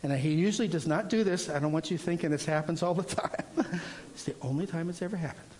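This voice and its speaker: A man in his sixties preaching informally, telling a personal testimony in a rambling, halting way with many restarts. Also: a little high, darkish tone, a little hiss or hum.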